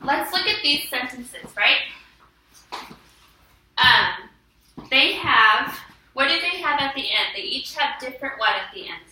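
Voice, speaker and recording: In an echoey classroom, filmed from far off with faint noise, a woman leads children through punctuation with patient leading questions, echoing back their answers. Her voice sits high and sounds animated, bright and forceful, at a measured pace with frequent pauses.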